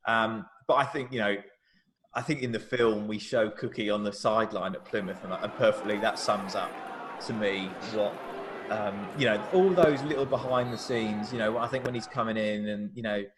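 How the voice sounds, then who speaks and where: A man's voice: on the low side, moderate pace, noisy background. A man who directs and produces films, telling behind-the-scenes stories animatedly in a live Q&A, acting out quotes and often restarting sentences. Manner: animated storyteller, acts out quotes, frequent restarts. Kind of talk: live Q&A conversation.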